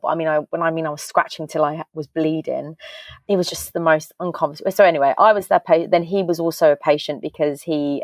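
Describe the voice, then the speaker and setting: A woman with a low voice tells her story candidly over a video call, her words tumbling out as she acts out the voices of the people she quotes. The sound is dry and close, with no room echo. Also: darkish tone. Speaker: podcast guest, author. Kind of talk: candid casual interview chat.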